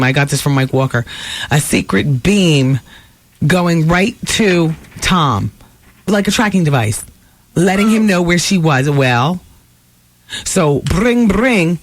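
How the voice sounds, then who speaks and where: A woman hosting a talk radio show, chatting through celebrity gossip in a lively way with asides to listeners. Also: low-pitched, unhurried. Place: radio studio.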